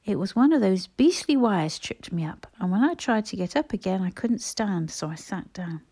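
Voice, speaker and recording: Brief: woman reader as a hurt schoolboy, weak but indignant, mellow tone. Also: medium pitch, animated, normal speed, husky.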